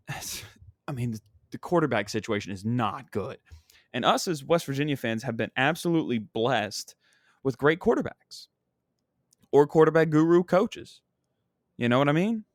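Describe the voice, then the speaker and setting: A man's voice: a little high, lively intonation, normal speed, no echo. Young man venting casually, dry sound. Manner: rambling, exasperated sports-fan venting with frequent "you know what I mean". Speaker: podcast host and comedian. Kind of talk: casual solo podcast chat.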